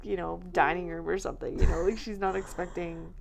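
A woman's voice: lowish voice, fairly even intonation, fairly quick, gravelly, crowd noise. A young woman co-hosting a podcast, chatting casually with lots of filler words, tired and yawning from recording late. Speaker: podcast co-host. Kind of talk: casual chat.

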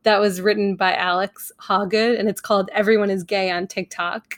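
Female host, mid pitch, steady questions, dry recording. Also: normal speed, no echo. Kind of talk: casual chat with read-out quotes.

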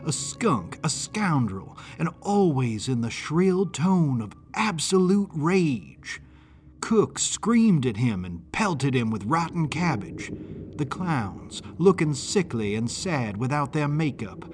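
A man reading first-person audiobook narration in a measured, deliberate way. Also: on the high side.

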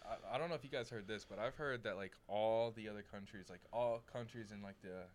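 A man's voice: lowish voice, a little fast. Laid-back slangy young man. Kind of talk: casual podcast chat.

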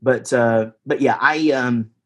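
A Texas man with a mid-range voice takes things slowly as a guest musician on a podcast. The casual interview chat is easygoing and rambling, with many fillers and restarts.

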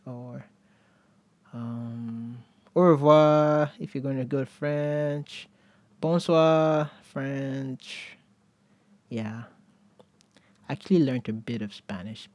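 A man's voice: mid-range voice, warm tone, dry recording. A man hosting a solo podcast, musing casually, often chuckling and trailing off before picking his thought back up. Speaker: podcast host.

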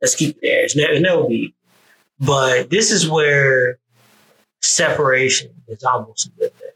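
A man from the American South talking casually on a podcast, telling stories in an animated way with frequent restarts and some swearing. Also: mid-range voice, unhurried, slight background noise, rough recording. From US South, Georgia. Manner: animated storytelling with repeated restarts; profane, conversational.

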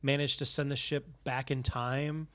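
A man's voice: mid-range voice, level tone, moderate pace, fairly bright tone. A man co-hosting a podcast, chatting casually and cracking jokes. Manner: joking, chatty. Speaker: podcast co-host. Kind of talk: casual chat.

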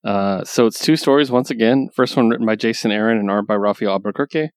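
A man with a lowish voice chats casually about comics, recounting plots with easy laughter. His voice sounds dry and close. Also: fast, dry recording. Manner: relaxed storytelling, laughing while retelling scenes. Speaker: comic book podcast co-host. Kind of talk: casual chat.

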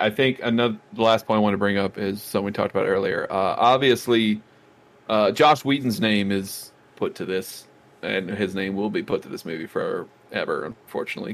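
A man co-hosting a casual movie review podcast, retelling scenes with lively, excited outbursts. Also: lowish voice, moderate pace. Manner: animated storytelling, acts out scenes with excited outbursts. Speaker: podcast co-host.

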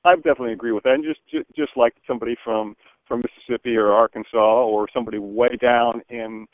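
A man's voice: mid-range voice, steady tone, fast talker, no room sound. A man calling into a talk show, explaining at length with many restarts and repeated words. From American South. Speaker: caller. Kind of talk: phone-in call. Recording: phone line.

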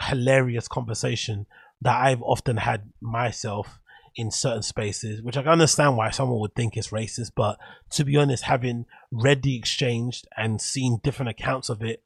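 Gravelly man rambling on a podcast. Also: medium pitch, no room sound. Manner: rambling, opinionated, swears casually. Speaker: podcast host. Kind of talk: solo podcast monologue.

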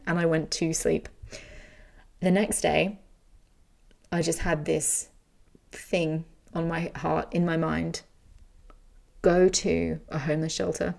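Low gravelly woman telling her story. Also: slow pace, long pauses. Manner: frank, animated, swears freely. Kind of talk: casual personal storytelling.

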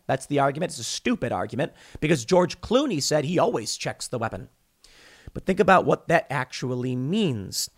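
Animated male commentator with lively pitch. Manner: animated, stumbling restarts, mocking put-on quotes. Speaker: political commentary host. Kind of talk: opinionated solo commentary.

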